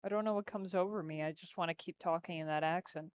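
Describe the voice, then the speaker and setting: A woman game developer chats casually on a livestream while she works, giggling and rambling as she goes. She talks fast in a lowish, clear, resonant voice, and the dry stream audio comes across dull and lo-fi.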